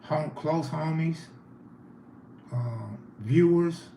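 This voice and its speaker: A man's voice: a little high, very slow, mellow. A man hosting a casual livestream, talking loosely and reacting to viewers' comments. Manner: loose and conversational, reacting to chat. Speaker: livestream host. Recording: echoey room with faint background noise.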